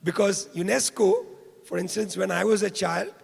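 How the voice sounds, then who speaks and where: An older man from India giving an impassioned public lecture with a hoarse, rough voice, repeating key phrases for weight. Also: high-pitched, normal speed. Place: lecture hall. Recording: reverberant hall.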